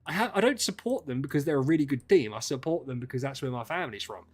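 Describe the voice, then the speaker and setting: A young man chatting casually on a livestream, ranting in an animated way and swearing freely. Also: mid-range voice, fast. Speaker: streamer.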